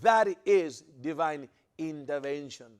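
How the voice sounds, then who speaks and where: A man with a notably high voice delivers a sermon-style teaching to his listeners. He hammers points home by repeating phrases, and he often breaks off and restarts his sentences mid-thought. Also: animated, takes it slowly, smooth. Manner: emphatic, repeats phrases for stress. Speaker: preacher.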